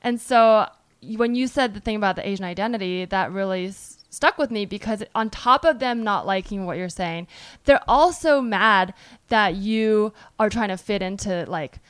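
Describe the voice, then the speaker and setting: Smooth-voiced chatty woman podcast host. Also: mid-range voice, moderate pace, no echo. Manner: chatty, animated storyteller with frequent "like". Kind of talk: conversational interview.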